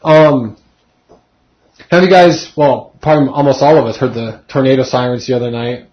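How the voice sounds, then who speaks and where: A man's voice: medium pitch, steady tone, normal speed, highs cut off. A man in his thirties casually teaching a Bible study, talking conversationally and asking his group questions.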